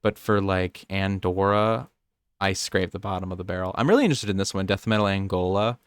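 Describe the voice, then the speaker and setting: A man's voice: low-pitched, fairly quick, clear, resonant tone, dry recording. A young man co-hosting a podcast, rambling through nerdy topics in casual chat and often restarting his sentences. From United States. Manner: rambling, nerdy, self-interrupting. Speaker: podcast co-host.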